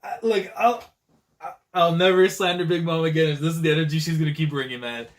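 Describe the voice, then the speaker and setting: A man reacts live to a new manga chapter, slangy and quick to exclaim. His voice sits a little high for a man. The delivery is loose and conversational, like a streamer riffing with his viewers. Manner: excitable and slangy, with frequent exclamations.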